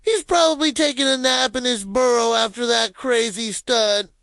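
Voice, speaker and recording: A woman voicing a calm, friendly long-necked male animal in a cartoon story. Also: on the high side, moderate pace, no echo, studio quality, voice pushed up, lightly acted. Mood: reassuring. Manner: calm, reassuring.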